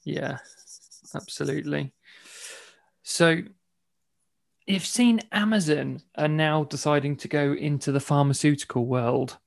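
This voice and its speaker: Middle-aged host, gravelly and croaky, voice going, chatty. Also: male voice, on the high side, unhurried, pauses often. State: losing his voice, croaky. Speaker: podcast host. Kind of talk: casual chat.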